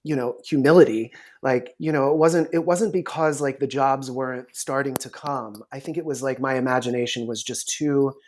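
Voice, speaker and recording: A man of ordinary pitch talks in a relaxed podcast interview. He tells stories, and he acts out the people he quotes with lively shifts in voice. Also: normal speed, few pauses. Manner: storytelling, animated quoting of others. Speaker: talent manager.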